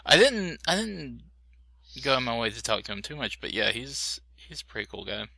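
A man's voice: medium pitch, sing-song, moderate pace, gravelly, bright, forceful tone, no room sound. A man joking in casual podcast chat, dropping wry asides.

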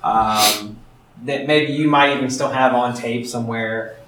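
A man asking an interview question haltingly, with many fillers. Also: mid-range voice, steady tone, over music. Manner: hesitant, searching for words. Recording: very echoey, distant, faint noise.

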